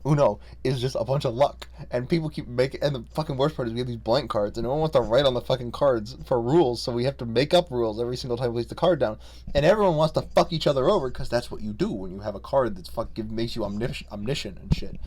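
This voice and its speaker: A man's voice: medium pitch, fast talker, a little mellow. A young man casually ranking games he played, profane, rambling and jokey, unscripted. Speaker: video creator. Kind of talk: unscripted casual game rundown.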